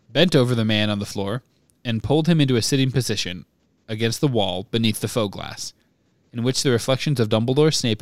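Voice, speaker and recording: A male podcast host reading a novel aloud in a plain, mid-pitched voice. He breaks in with lively asides. The sound is dry and close. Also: dry recording. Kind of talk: reading a book aloud and discussing it.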